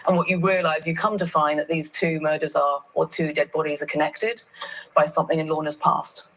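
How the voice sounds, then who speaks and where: A woman's voice: low-pitched, level tone, brisk, fairly bright tone, rough recording. A woman guest on a talk show, chatting and often restarting her sentences. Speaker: guest actor.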